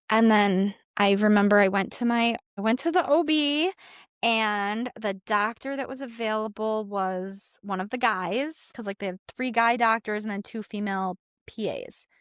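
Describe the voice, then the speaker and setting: A woman's voice: medium pitch, normal speed, smooth, dry recording, clean studio sound. A young woman co-hosting a podcast, chatty and candid, telling a personal story with many "like" fillers and acted-out bits of past dialogue. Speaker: podcast co-host.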